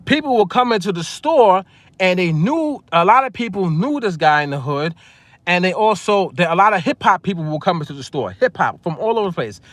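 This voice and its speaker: A New man in his forties spins a casual story straight to camera, his voice pitched notably high for a man. He talks in an animated way, repeats his phrases as he goes and chuckles often. The sound is close and dry, with no room around it. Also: no echo. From Long Island, New York. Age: 40s. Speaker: music producer and vlogger.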